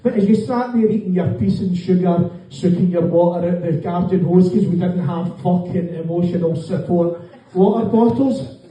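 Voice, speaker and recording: A middle-aged man from Scotland performs a sweary, mocking stand-up set in a comedy club while the live audience laughs. His voice sits high with a dark tone. The recording is echoey and dull, captured from a distant mic.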